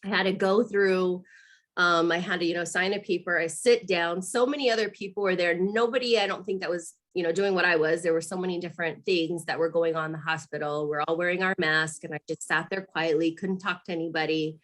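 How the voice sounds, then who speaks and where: A woman's voice: fairly low pitch, fairly even intonation, fairly quick, fairly bright tone. A woman in her thirties from Arizona, candidly telling a personal story in an interview, laughing now and then and acting out what people said. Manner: candid, laughs often, acts out quoted voices. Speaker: guest mother.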